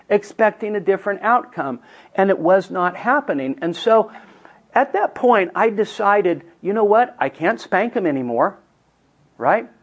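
This middle-aged man's high-pitched voice is very animated at a moderate pace as he tells counselors a family story in a teaching talk. His earnest delivery swings from hushed to emphatic, and the recording's highs are cut off.

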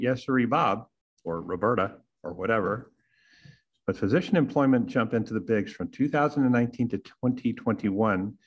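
A man, hosting a podcast and delivering a sarcastic, punchy opinion monologue full of rhetorical questions. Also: fairly low pitch. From Texas. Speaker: podcast host.

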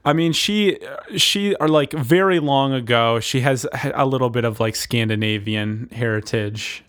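A man co-hosting a casual podcast, spinning a story as he goes. He rambles with lots of fillers and restarts, in a playful tone at an ordinary middle pitch. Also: a little slow, a bit bright. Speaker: podcast co-host. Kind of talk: casual chat, improvised movie pitch.

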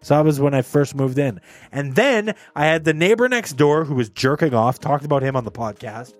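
A man hosting a podcast, telling stories in casual chat with an animated, swearing manner. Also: fairly high pitch, fairly quick, soft background music. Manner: animated, swearing, laughing, acting out quotes. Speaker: podcast host.

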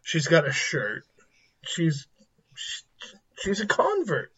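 A man in his thirties casually telling animated stories about his family, acting out their lines. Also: on the high side, slow. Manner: animated anecdotes, acts out family quotes. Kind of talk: casual storytelling chat. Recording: lo-fi muffled audio.

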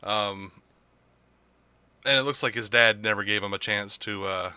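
Bright-voiced thoughtful male co-host. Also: lowish voice, steady tone, smooth, no echo. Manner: thoughtful, halting with many restarts. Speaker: podcast co-host. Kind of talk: casual podcast chat.

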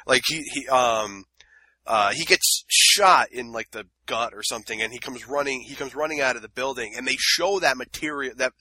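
A man's voice: medium pitch, normal speed, bright, forceful tone, rough recording. A man co-hosting a casual film review chat, blunt and sardonic, swearing freely. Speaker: podcast co-host reviewing a film.

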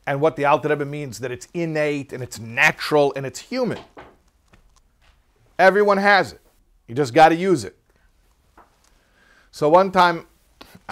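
Chatty man teaching a class. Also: on the high side. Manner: lively anecdotal delivery with questions to the class. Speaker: Torah teacher. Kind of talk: classroom lecture with storytelling.

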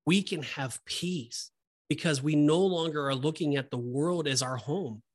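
A man's voice: on the high side, unhurried. Earnest man discussing scripture. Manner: earnest, preachy, with many fillers and restarts. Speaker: podcast co-host. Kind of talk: casual Bible discussion.

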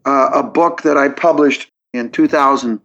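A man's voice: mid-range voice, moderate pace, a bit bright. A man, a guest on a podcast interview, earnestly walking through his reasoning step by step, often restarting his sentences. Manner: logical, earnest storytelling with frequent restarts. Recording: dull lo-fi audio.

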